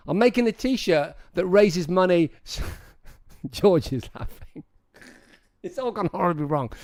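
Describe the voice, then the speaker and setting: Animated man chatting to his stream. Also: high voice, creaky. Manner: animated, rambling, talks straight to chat. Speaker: livestream host. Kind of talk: casual livestream chat with viewers.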